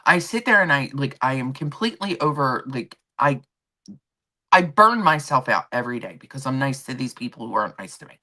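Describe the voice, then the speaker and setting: A woman hosting a livestream, chatting casually and telling an animated story from work, acting out the people in it. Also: a bass voice, a little fast. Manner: animated storytelling with quoted voices; rambling with restarts and asides to chat. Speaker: livestream host. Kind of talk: casual chat. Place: home.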